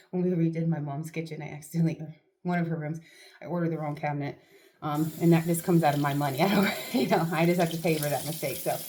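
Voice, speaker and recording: A woman's voice: sits low, steady tone, quick pace, dark tone, slight background noise. A middle-aged woman vlogging at home, chatting casually to camera with rambling, self-deprecating asides and a sniffly nose. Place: at home, doing a face mask.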